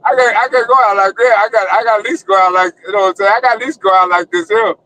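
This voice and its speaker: An older man hosting his own stream, talking in an excitable, brash and profane way, dropping "man" and "you know what I'm saying" all through, from inside a vehicle. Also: high voice, quick pace, a little hiss or hum, low-quality recording. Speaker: streamer and show host. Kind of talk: casual hyped vlog talk.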